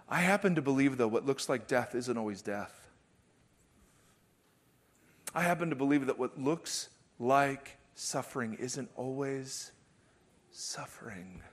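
A middle-aged man preaching a sermon, swinging from loud, emphatic declarations to hushed, intimate storytelling. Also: mid-range voice. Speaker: pastor.

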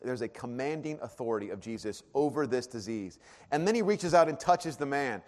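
A man preaching a sermon, earnest, dropping to a hush and then rising to emphatic peaks. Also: medium pitch, animated, fairly quick. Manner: earnest, swings from hushed to emphatic. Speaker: pastor. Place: church auditorium. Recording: long hall reverb.

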